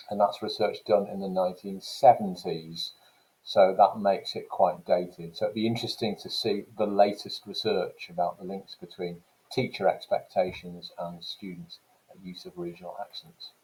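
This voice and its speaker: A man's voice: low-pitched, steady tone, normal speed, dark tone, rough recording. A man teaching a recorded lesson, explaining casually with fillers and reading quotations aloud from texts. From England. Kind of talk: recorded classroom lecture.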